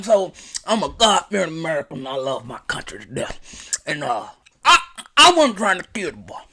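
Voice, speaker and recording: A man's voice: fairly high pitch, pushed and bright, breathy edge, voice pushed down, heavily acted. A man voicing a timid country boy who pleads with the police in a hesitant, mumbling way. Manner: mumbling, hesitant, full of ums and uhs.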